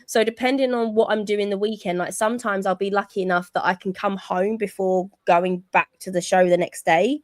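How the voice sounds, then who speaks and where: A woman's voice: medium pitch, fairly even intonation, a little fast, hardly any pauses, dry recording, clean studio sound. A woman with a British accent, a wrestler guest chatting casually in an interview and laughing easily. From United Kingdom.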